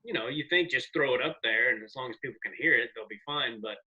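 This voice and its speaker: A man in his forties, a comedian guest telling rambling, animated stories in casual podcast chat. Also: mid-range voice, quick pace, narrow, tinny audio. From American South. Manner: rambling, animated storyteller with profanity.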